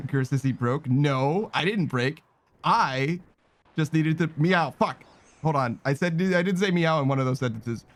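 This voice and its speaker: A man streaming a video game, chatting casually, swearing often, reading chat aloud and tacking meow onto his sentences. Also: unhurried. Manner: frustrated outbursts in a raised, higher voice. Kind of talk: casual gaming stream commentary.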